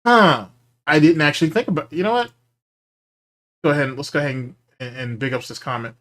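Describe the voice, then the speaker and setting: A man's voice: a little high, fairly quick, fairly bright tone. A man hosting a livestream podcast, mocking a clip and reacting to chat in casual, sarcastic commentary. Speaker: podcast host.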